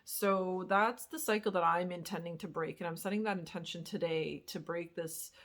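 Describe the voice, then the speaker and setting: A woman's voice: on the low side, fairly even intonation, moderate pace. A young woman vlogger talking candidly and at length in a personal monologue, rambling and swearing casually as she reflects. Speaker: spiritual vlogger.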